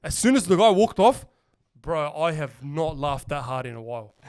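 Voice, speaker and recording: A young man, co-hosting a casual podcast chat and telling rambling, excitable stories full of swearing. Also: on the high side, normal speed. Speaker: podcast co-host.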